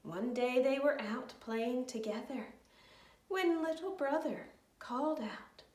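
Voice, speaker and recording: A woman telling a children's story in a slow, gentle way, with sung refrains. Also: high voice, echoey room, recorded from a distance.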